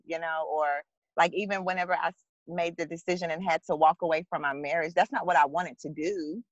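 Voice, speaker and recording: A woman's voice: lowish voice, steady tone, fairly quick, no room sound, highs cut off. A woman guest speaking frankly and emphatically about her life, acting out her own thoughts. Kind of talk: candid personal conversation.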